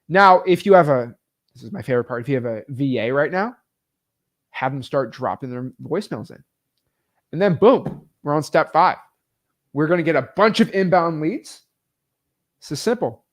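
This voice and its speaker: Guy, kinda high voice, coaching on real estate, lots of likes and ums, hyped. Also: normal speed. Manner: energetic and emphatic, full of "like" and "um". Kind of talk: casual teaching talk.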